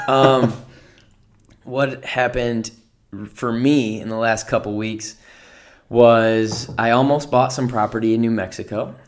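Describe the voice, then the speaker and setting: A man co-hosting a casual podcast at a mid-range pitch. He talks in a relaxed, laid-back way and cracks crude jokes. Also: takes it slowly. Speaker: podcast co-host. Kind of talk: casual chat.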